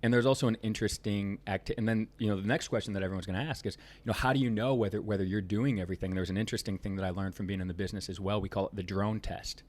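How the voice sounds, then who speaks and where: A man's voice: lowish voice, fairly even intonation, racing, few pauses, a little mellow. A man, a business owner, talking as a podcast guest in a rambling, emphatic way, full of "you know" fillers. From Ohio, United States. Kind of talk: casual podcast conversation.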